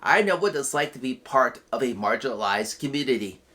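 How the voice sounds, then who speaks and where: A man hosting a weekly web show's news segment, giving earnest, impassioned commentary that swings from quiet to loud outbursts. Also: medium pitch, lively intonation, fairly quick. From United States.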